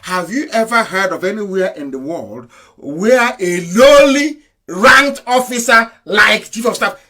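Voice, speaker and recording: A man's voice: high-pitched, lively intonation, a little slow, sharp tone. A man delivering an impassioned political broadcast, emphatic and full of rhetorical questions and repetition. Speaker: activist broadcaster.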